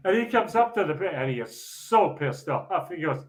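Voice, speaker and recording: A man's voice: fairly high pitch, very animated, normal speed. A man, a retired bowling pro, telling stories in casual chat, laughing often and repeating words as he goes.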